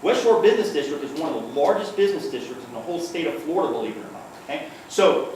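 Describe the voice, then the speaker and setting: Rapid-fire and expressive, this slightly high, a little mellow man's voice belongs to a workplace safety trainer who used to be a police liaison officer. His conversational talk features storytelling with acted quotes and constant "okay?" check-ins, captured far from the mic in an echoey room with faint noise.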